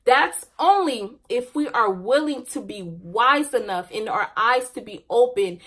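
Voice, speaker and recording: A woman's voice: fairly high pitch, fairly bright tone. A young woman vlogger telling a casual personal story, laughing often and ending on a faith message.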